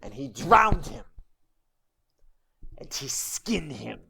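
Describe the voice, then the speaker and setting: A woman's voice: low-pitched, very animated, slow, creaky, bright, forceful tone, slightly rough. A woman streamer telling a goblin legend in rambling, broken goblin-style grammar, with chatty asides. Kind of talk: casual livestream storytelling.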